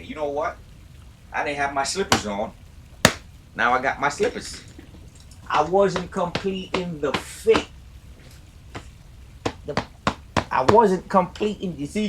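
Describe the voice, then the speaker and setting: A man live-streaming a game, chatting casually and swearing while he teases his chat from his home gaming chair. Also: on the high side. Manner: hyped, profane, teasing his chat. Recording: noisy background.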